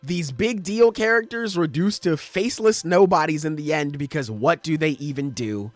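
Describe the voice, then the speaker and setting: A man's voice: on the high side, moderate pace, dry recording, soft background music. Fired-up man ranting on a podcast. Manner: animated, profane, critical ranting with acted quotes. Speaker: podcast host. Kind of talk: casual podcast rant.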